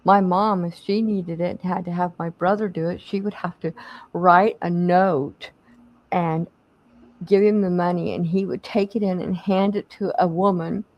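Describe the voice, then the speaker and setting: A woman's voice: fairly low pitch, steady tone, a little slow, no echo, dull audio. A middle-aged woman hosting a bingo stream, chatting casually and laughing as she calls out winners. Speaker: stream host. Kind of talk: casual chat.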